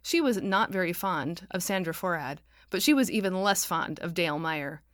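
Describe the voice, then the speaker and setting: A woman's voice: on the low side, lively intonation, moderate pace, no room sound. A woman narrating her own novel as an audiobook, with a wry, dry delivery.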